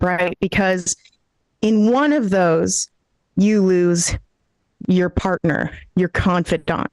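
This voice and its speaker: A woman's voice: lowish voice, no echo, poor audio. A woman doing a self-deprecating stand-up set over a video call, holding a handheld mic. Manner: self-deprecating, punchy storytelling. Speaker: stand-up comedian. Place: home in a warm city, daytime. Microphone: handheld microphone.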